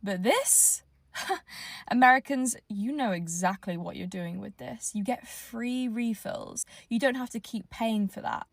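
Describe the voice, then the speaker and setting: A woman's voice: medium pitch, unhurried, gravelly, no room sound. Dry-sounding woman, incredulous. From United Kingdom. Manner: animated, incredulous, playful. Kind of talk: talking-head social video.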